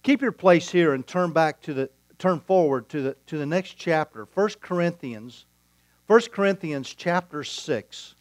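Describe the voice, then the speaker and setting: Male pastor, slow deliberate sermon delivery, slightly high voice, dry close sound. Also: expressive, no room sound. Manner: storytelling with quoted dialogue, deliberate pauses.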